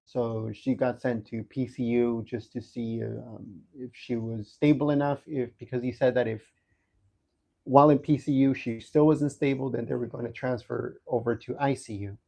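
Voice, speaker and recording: Soft-spoken man with halting speech. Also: mid-range voice, steady tone, gravelly. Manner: halting, many fillers and restarts. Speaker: livestream host updating viewers. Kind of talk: casual livestream update. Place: hospital room.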